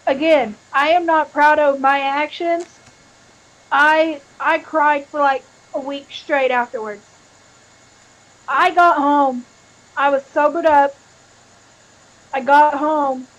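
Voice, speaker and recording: Woman, high voice, candid, emotional, swears a lot, live stream, dull lo-fi audio. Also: steady tone, slow pace, pauses often, a bit bright. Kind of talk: confessional live-stream chat.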